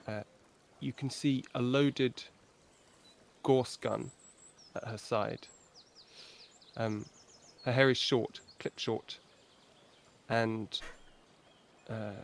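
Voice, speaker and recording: A man narrating as game master of a tabletop game, measured, with frequent pauses. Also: medium pitch.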